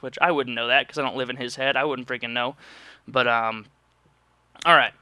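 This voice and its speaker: A man's voice: medium pitch, fairly even intonation, fast, bright, forceful tone, clean tone, no room sound, clean studio sound. A young man vlogging to his viewers, answering their questions in a loose, joking ramble with sarcastic asides. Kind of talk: casual rambling monologue.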